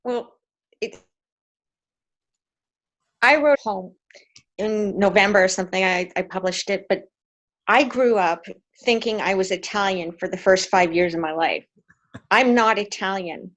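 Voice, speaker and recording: A woman's voice: medium pitch, measured pace, pauses often. A woman from Canada in a casual group video call, telling stories animatedly and acting out quoted voices. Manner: animated storyteller, acts out quotes. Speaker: discussion participant.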